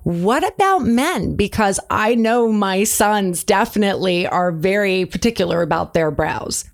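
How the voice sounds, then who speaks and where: A woman hosting a podcast, chatty and animated as she asks questions and tells stories. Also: medium pitch, unhurried, vocal fry. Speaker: podcast host. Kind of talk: casual podcast interview.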